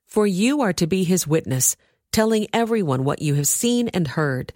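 A woman voicing a devout, godly elder man who speaks in a gentle, urging way. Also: lowish voice, lively intonation, moderate pace, no echo, studio quality.

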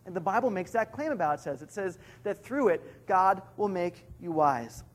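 High-voiced man preaching a sermon. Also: animated. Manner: earnest, repeats key points slowly for emphasis. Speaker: pastor.

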